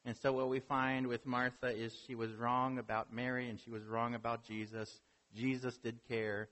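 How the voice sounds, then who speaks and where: A man's voice: medium pitch, level tone, moderate pace, a bit bright. A man preaching a sermon as a pastor, earnest, with rhetorical questions and building emphasis.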